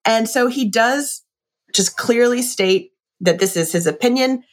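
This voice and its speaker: A woman's voice: a little high, unhurried. A woman chatting casually and enthusiastically as she reviews a wine book, often saying "like.". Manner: chatty and enthusiastic, with frequent "like" fillers.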